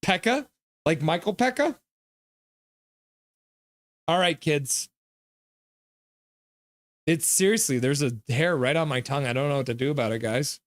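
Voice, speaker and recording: A man hosts a casual live hockey stream, chatting in a jokey, friendly way, reading viewer comments aloud and thanking donors. His voice sits in the mid range at a normal speed, broken by long pauses. The studio sound is clean, with no room sound.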